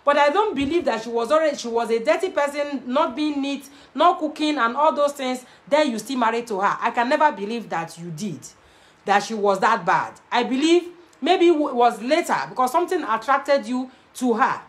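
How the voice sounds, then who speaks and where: Emphatic Nigerian woman giving advice, lively pitch. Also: normal speed. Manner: emphatic, preachy, repeats key lines. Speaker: relationship adviser. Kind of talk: advice talk to viewers.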